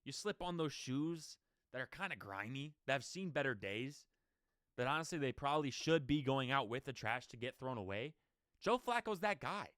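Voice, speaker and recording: A man hosting a sports podcast, giving an opinionated, rapid-fire solo rant full of rhetorical questions. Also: mid-range voice, lively intonation, fairly bright tone, dry recording, clean studio sound.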